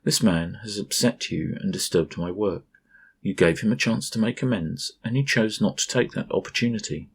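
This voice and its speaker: A man's voice: fairly low pitch, moderate pace, creaky, slightly rough. A man voicing an imperious ten-year-old princess in a storybook reading, speaking in a mock-gracious, regal and precise way. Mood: icily firm.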